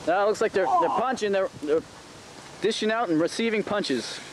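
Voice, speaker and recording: A man giving excited play-by-play commentary on a backyard wrestling match, gasping "oh" at every move. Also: sits high, moderate pace. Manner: excitable, frequent gasps of "oh". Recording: noisy outdoor camcorder audio.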